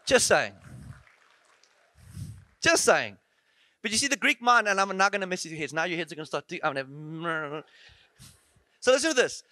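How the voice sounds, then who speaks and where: A man preaching a conference sermon in a church, animated and playful, full of rhetorical questions and asides. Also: sits high, fast, no echo.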